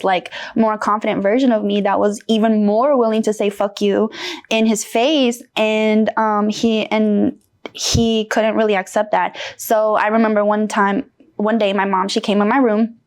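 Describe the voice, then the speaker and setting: A woman in her late twenties from North Carolina, a guest telling her story frankly and with animation, with many fillers. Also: medium pitch. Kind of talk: candid personal interview.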